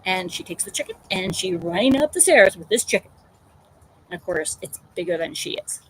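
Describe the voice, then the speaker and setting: A woman hosting a casual crafting livestream, telling animated stories about her pet and reading out viewer comments. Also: fairly low pitch, fairly quick, slight background noise, poor audio. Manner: chatty storytelling, animated. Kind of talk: casual chat.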